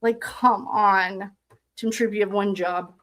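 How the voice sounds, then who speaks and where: A woman's voice: medium pitch, fairly even intonation, slow, a bit bright. Woman livestream host, chatty and bubbly, greets viewers and laughs easily; mid-range voice. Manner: chatty, reads viewer comments aloud, laughs often. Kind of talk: casual livestream chat.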